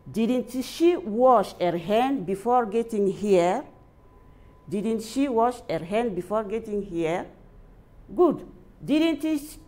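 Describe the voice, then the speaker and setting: A woman's voice: on the high side, warm tone. A woman with a Malian accent teaching an English grammar lesson, saying each phrase twice as if dictating to students. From Mali.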